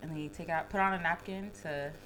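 A woman's voice: low voice, fairly even intonation, quick pace, fairly bright tone, a little hiss or hum. A woman in a casual chat, explaining things plainly step by step. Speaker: guest.

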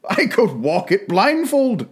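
A quavering old miser from a storybook, put on by a male narrator, pitched well above the reader's own voice and swinging widely as he speaks. He sounds fervent and shaken. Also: wildly swooping pitch, measured pace, heavily acted.

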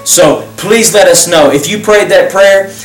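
Faint music plays behind a high-voiced man talking a little slowly. As pastor and host, he closes with a fervent altar call full of repetition and leads a prayer; the sound is roomy and the mic far off.

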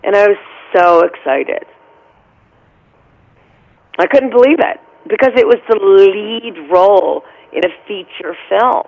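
This is an animated middle-aged actress telling stories in an interview. Her voice has a gravelly, fry-laced edge. She is expressive and relives every moment as she talks. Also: medium pitch, unhurried, pauses often, highs cut off. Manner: animated, vivid storyteller. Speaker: actress guest. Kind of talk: storytelling interview answer.

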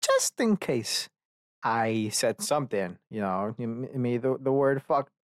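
A man hosting a solo podcast in a loose, rambling way, swearing freely and wandering off topic. His voice sits at a middling pitch for a man. It is recorded close on a podcast mic with a dry, dead sound. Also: moderate pace, clear, resonant tone, no echo. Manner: rambling and profane, self-mocking asides. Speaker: podcast host.

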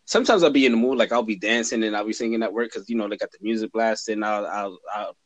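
A man's voice: fairly low pitch, quick pace, no echo. A young man in casual chat on a podcast, talking bluntly and laid-back, swearing freely. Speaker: podcast co-host, cousin.

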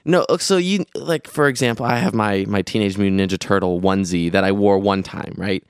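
A young man with a low, smooth, resonant voice, talking casually on a podcast. He rambles, restarts and piles on fillers as he tells his story. The close mic leaves the sound dry, with no room around it. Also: a little fast, no echo. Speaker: podcast co-host recounting a festival trip. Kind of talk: casual chat.

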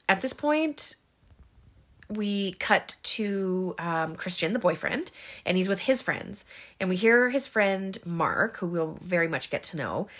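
A woman's voice: fairly low pitch, a bit bright. A young woman casually retelling a film plot, full of ums and likes, briefly acting out the characters' lines. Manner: chatty, many ums and likes, acts out quotes. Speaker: movie recap host. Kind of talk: casual spoken film recap.

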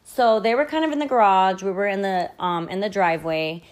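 A woman's voice: mid-range voice, fairly quick. A young woman hosting a podcast, telling a childhood story in a casual, chatty way, full of fillers and quoted dialogue, with casual swearing. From Mexican-American family. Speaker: podcast host.

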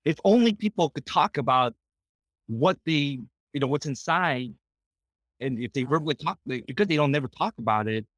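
A man who is a podcast guest, speaking sincerely and haltingly in casual conversation, with many restarts and fillers. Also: a little high, animated, fairly bright tone, no echo. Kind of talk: conversational interview.

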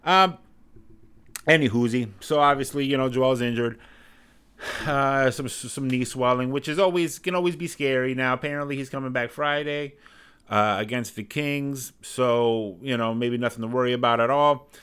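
A man's voice: medium pitch, steady tone, normal speed, a bit bright, clear, resonant tone. Male sports podcast host, casual and self-deprecating, clean resonant tone. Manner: rambling, self-deprecating, with many fillers.

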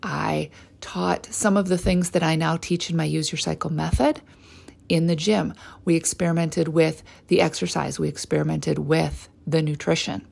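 A woman's voice: low voice, steady tone, normal speed, vocal fry, darkish tone. A woman in her forties, a hormone specialist and trainer, telling a candid personal story in a conversational way with frequent asides to the listener.

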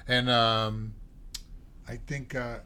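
A man with an ordinary mid-range voice runs a comedic interview. He nudges the story along with quick jokes and asides. His tone stays loose and playful. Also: mid-range voice, flat delivery, bright, forceful tone, clean tone. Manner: playful, feeding jokes to the guest.

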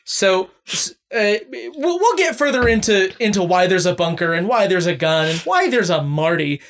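A woman's voice: moderate pace, slight background noise. A woman hosting a casual podcast, quizzing her guests with lots of fillers. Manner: quizzing guests, frequent fillers, lively pitch. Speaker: podcast host running a quiz.

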